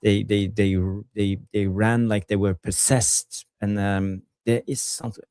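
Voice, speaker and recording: A man with a low voice talks football in a relaxed fan chat, stumbling over his words and repeating himself as he thinks. The recording is dry and close. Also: a little slow, clean tone, no echo. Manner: hesitant, many fillers and repeated words. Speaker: fan channel co-host.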